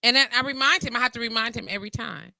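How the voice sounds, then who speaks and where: A woman's voice: a little high, rapid-fire, creaky, dry recording. A woman, hosting a casual live call-in show and talking candidly, with frequent laughter. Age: 40s. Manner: candid, animated, laughs often, reads comments aloud. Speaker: internet radio talk show host.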